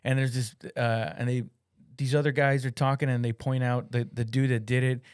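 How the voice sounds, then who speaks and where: A man co-hosting a casual comedy podcast, telling a story in a halting, rambling way. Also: mid-range voice, level tone, clean tone, no echo, studio quality. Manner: halting, rambling recollection with restarts. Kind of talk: casual chat.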